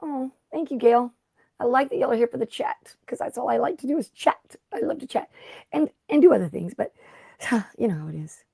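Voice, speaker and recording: A woman's voice: a little high, animated, fairly quick, creaky, a little mellow, slightly rough, no room sound, studio quality. A middle-aged woman hosting a casual craft livestream, rambling and chatty as she greets viewers by name. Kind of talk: casual live-stream chat.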